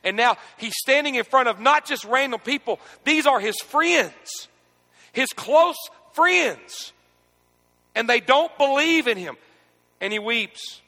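A man preaching a sermon, asking the congregation to repeat scripture with him and moving between quiet reflection and emphatic questioning. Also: very high-pitched, lively intonation, slow pace, in a large hall. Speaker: pastor. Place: church.

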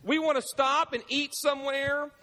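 Animated preacher, man, sharp tone, lots of call-and-response, roomy church reverb. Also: extremely high pitch, moderate pace. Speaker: pastor. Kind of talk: sermon. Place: church sanctuary. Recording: echoey church hall.

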